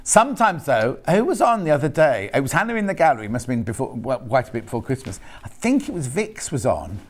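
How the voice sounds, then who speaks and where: A man's voice: medium pitch, very animated, fast. A man presenting on a live shopping channel, chatting and teasing while reading out prices and product codes. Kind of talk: live TV sales chat. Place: TV studio. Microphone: earpiece and studio mic.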